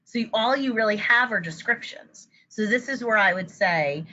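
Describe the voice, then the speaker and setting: A woman's voice: medium pitch, expressive, moderate pace, bright, forceful tone, highs cut off. A woman therapist giving a webinar lesson for parents, explaining and modeling upbeat praise phrases. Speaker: child anxiety therapist. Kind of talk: webinar presentation.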